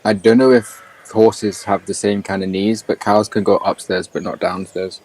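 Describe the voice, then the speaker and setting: A man's voice: fairly low pitch, little pitch movement, normal speed, a little mellow, rough recording. A man playing a tabletop game, joking and bantering casually. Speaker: player.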